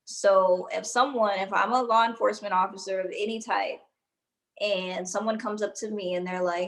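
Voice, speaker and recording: A woman co-hosting a casual podcast who lays out her views step by step. Her pitch sits in the middle range, and she reasons deliberately. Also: steady tone, a bit bright. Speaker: podcast co-host. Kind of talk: casual chat.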